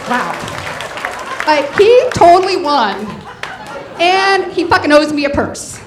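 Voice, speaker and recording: A middle-aged woman delivers a bawdy stand-up set with brash, punchy timing. Her voice sits high and carries into a reverberant club, with faint noise underneath. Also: very animated, takes it slowly, distant mic, a crowd in the background. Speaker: stand-up comedian. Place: comedy club stage.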